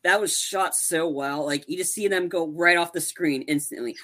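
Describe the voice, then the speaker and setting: Young adult, podcast co-host, bright tone, rambling casual chat, many fillers. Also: mid-range voice, normal speed, slight background noise. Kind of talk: casual chat about a movie.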